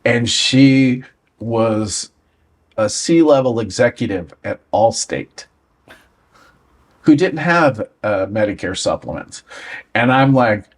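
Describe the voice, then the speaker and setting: Here the American interviewee in his sixties takes things slowly, with frequent pauses and lively intonation at a medium pitch. He tells career stories and voices the dialogue as he goes.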